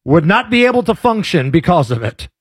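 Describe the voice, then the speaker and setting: A man's voice: high voice, very animated, slightly rough, dry recording, clean studio sound. A man co-hosting a talk radio show, wisecracking through casual banter. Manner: wisecracking, quick quips. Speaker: co-host.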